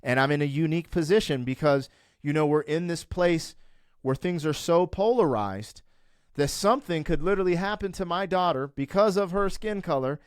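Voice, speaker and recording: A middle-aged man talking candidly as a guest in a conversation, emphatic and animated, climbing to fervent peaks as he rants. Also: on the high side, moderate pace, smooth, no room sound, studio quality. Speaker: podcast guest.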